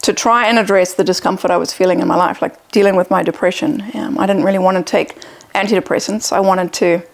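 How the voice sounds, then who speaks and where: A woman's voice: on the low side, steady tone, quick pace, creaky. A woman with a Zimbabwean accent, a podcast guest speaking candidly and reflectively in casual chat.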